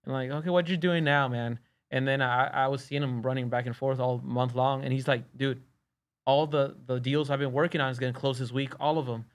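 Male podcast guest, mid-pitch, lively storyteller who voices other people's lines. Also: brisk. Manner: animated, acts out quoted dialogue. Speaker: podcast guest, real estate wholesaler. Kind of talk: casual storytelling.

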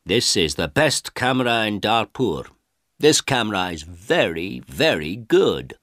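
A man voicing a proud, pushy male photographer who talks slowly and boastfully. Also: lowish voice, big pitch swings, a bit bright, no echo, studio quality, pitched above the performer's own voice, heavily acted. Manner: slow, drawn-out, boastful.

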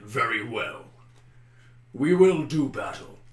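A man voicing a proud orc war chief who speaks in loud, slow, formal challenges in a tabletop game. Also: medium pitch, big pitch swings. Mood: menacing. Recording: roomy echo.

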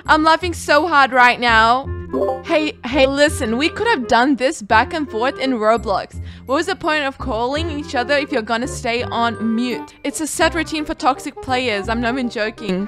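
A woman's voice: high-pitched, bright, forceful tone. A young adult woman giving chatty, casual gaming commentary, exclaiming and reacting as she goes. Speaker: gaming video creator.

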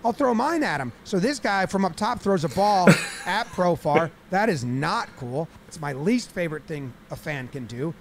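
A man breaking down baseball game footage in a lively, casual way, acting out what the players say. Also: a little high, normal speed, few pauses, crowd noise. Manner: animated, acts out players' lines in exaggerated voices. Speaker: baseball commentator.

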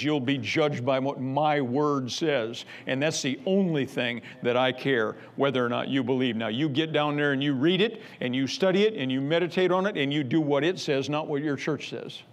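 A male pastor preaching a sermon in an emphatic, repetitive way, rising into loud bursts. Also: medium pitch, normal speed, few pauses.

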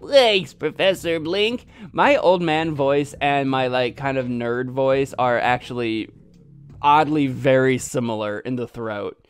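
A man's voice: medium pitch, unhurried, clear, resonant tone, faint music behind. A man casually narrating his own gameplay, rambling and joking at himself. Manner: rambling, self-mocking. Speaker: gaming video host. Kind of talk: let's-play commentary.

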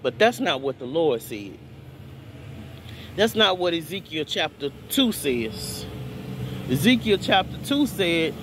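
Man, high-pitched voice, informal video sermon, fervent, repetitive, stammering restarts. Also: sing-song, takes it slowly, long pauses, fairly bright tone, slight background noise. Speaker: preacher.

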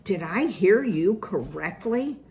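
A woman's voice: mid-range voice, expressive, slow pace, darkish tone, a little hiss or hum. Woman voicing an anxious mother mouse.

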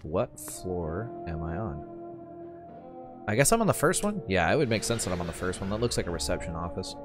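A man giving casual gameplay commentary, relaxed and wry, thinking aloud as he plays. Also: sits low, a little fast, over music. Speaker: gamer, channel host.

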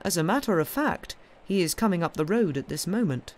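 A woman reading aloud, voicing a small, quiet priest with a calm, colourless voice. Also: fairly low pitch, a little fast, natural voice.

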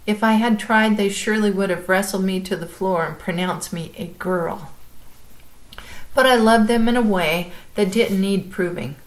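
A woman calmly reading a chapter book aloud, as if to a class. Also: medium pitch, rough recording. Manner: calm, measured storytelling.

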